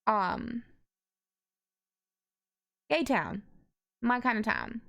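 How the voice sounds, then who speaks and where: A woman's voice: fairly high pitch, wildly swooping pitch, extremely slow, gravelly, fairly bright tone. A woman in her forties streaming a story game, chatting, giggling and reading choices aloud with many ums.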